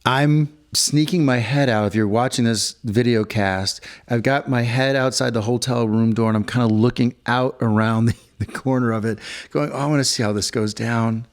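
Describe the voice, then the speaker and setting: A man's voice: medium pitch, fairly even intonation, moderate pace, few pauses, smooth. A middle-aged man co-hosting a casual podcast chat, rambling through a story and acting out what others said. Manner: rambling storyteller, acts out quotes. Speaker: podcast co-host. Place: hotel room.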